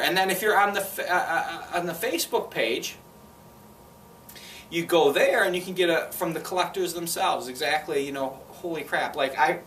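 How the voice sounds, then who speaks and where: This collector, who sells and trades items, talks in a Minnesota accent through a loose, unscripted vlog. He displays and prices things while rambling, restarting, filling gaps, and sometimes griping with mild swears. His voice is fairly high and a bit bright, with a little hiss or hum.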